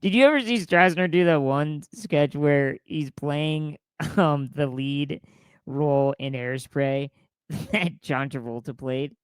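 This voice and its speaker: Laughing, animated male podcast host. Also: on the high side, slow pace, clean tone, no room sound. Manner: animated storytelling with frequent laughter and acted-out quotes. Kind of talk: casual chat.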